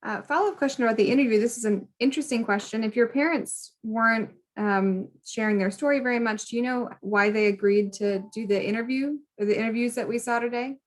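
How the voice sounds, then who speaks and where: Slightly high-voiced woman moderating questions. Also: brisk, hardly any pauses. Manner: polite, reads audience questions.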